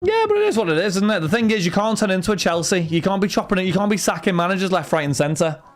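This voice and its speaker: A young man hosting a livestream, talking casually to his chat. He rambles and vents with exasperation, his voice sitting a little higher than most men's. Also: big pitch swings, fast. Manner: rambling and exasperated, venting about football. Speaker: livestream host.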